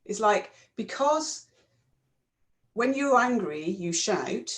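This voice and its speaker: A woman speaks at an ordinary middle pitch, explaining things thoughtfully. Her delivery is conversational and steady, with gentle fillers. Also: slow pace. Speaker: co-host. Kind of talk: casual chat.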